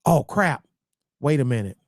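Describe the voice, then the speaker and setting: Blunt, rambling livestream host, dry sound. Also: male voice, medium pitch, animated, unhurried, creaky, dry recording. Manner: blunt, profane, repeats and restarts phrases.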